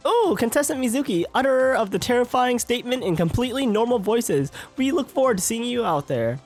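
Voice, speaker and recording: Upbeat tourney announcer read by a guy on stream, lively pitch, faint game music under it. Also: fairly quick. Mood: hyped. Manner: reads game lines aloud, brighter and higher than his own talk.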